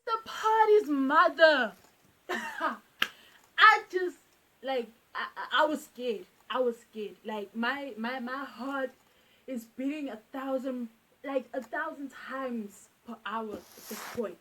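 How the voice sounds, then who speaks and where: A young South African woman telling a casual storytime, animated and repeating phrases for emphasis. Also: high voice, takes it slowly. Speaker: YouTuber.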